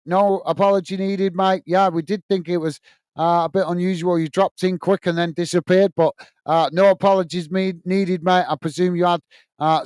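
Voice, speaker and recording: On a relaxed football live stream, a man from the United Kingdom reads out comments and thanks each viewer in turn, chatty and peppering his speech with "uh" before warm sign-offs. His smooth, clear voice sits slightly high for a man. The recording is close and dry, with no room sound.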